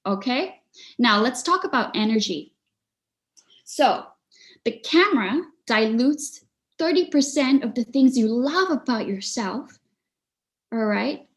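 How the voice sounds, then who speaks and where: A woman's voice: mid-range voice, a little mellow. Coaching woman giving a webinar talk. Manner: coaching, checks in with "all right?" and "okay?". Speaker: webinar speaker. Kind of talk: online presentation. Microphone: video call.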